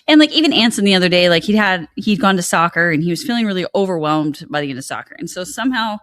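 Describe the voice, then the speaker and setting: A woman's voice: lowish voice, fast, dry recording, clean studio sound. A woman co-host telling stories in casual podcast chat, acting out what people said. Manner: animated storyteller, acts out quoted dialogue.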